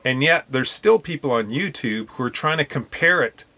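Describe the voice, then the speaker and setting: A man with a Northern Irish accent, co-hosting a relaxed podcast. His voice sits at an ordinary middle pitch, and he talks in an animated, emphatic way. The tone stays that of a casual chat between friends. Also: moderate pace. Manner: animated, emphatic, talks through camera specs. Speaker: podcast co-host.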